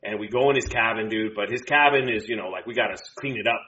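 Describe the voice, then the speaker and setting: Relaxed middle-aged man telling a story. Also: lowish voice, fast, highs cut off. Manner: relaxed, rambling storyteller who restarts phrases. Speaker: podcast co-host. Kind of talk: casual storytelling chat.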